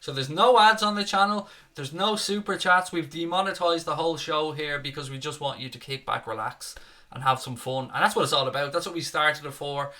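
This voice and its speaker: A man's voice: on the high side, a little fast, pushed and bright. A young man with a Dublin Irish accent chatting casually on a live football watchalong, reading viewer comments and swearing freely at his desk. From Ireland (Dublin). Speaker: fan channel co-host running a live match watchalong. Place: home room, at his desk. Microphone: desk setup with webcam.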